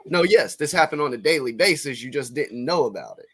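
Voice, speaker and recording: Man, mid pitch, calm reasoning, sports talk co-host, casual chat. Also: moderate pace, few pauses. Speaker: podcast co-host.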